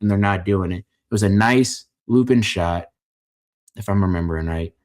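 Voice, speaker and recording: A man with a fairly low voice runs through a fight card in casual reaction commentary. He is opinionated and jokey, rambling a little and catching his own slips. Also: normal speed, a little mellow. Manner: opinionated, joking, rambling with self-corrections. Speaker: MMA fight reaction host.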